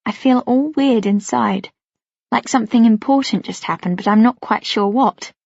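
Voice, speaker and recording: A woman's voice: on the high side, normal speed, creaky, darkish tone, dry recording. A woman narrating a first-person novel as an audiobook, reading expressively and anxiously. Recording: dry, slightly dull studio sound.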